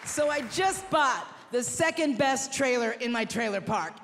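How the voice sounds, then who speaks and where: A woman comedian doing a brassy, punchy stand-up routine on a TV studio stage, using a handheld mic, with a loud crowd cheering. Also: fairly high pitch, lively intonation, measured pace, gravelly, very noisy. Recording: reverberant hall with loud crowd.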